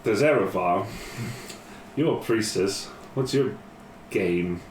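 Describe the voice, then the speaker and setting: A man's voice: lowish voice, expressive, takes it slowly. A man playing a tabletop game, joking and teasing in character. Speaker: player. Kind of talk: casual chat and in-character play. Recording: roomy mic with clear background noise.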